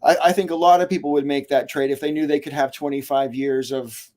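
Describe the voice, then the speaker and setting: A man joins a casual chat, talking fast and conversationally. His voice sits at an ordinary middle pitch. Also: fairly even intonation, a little mellow.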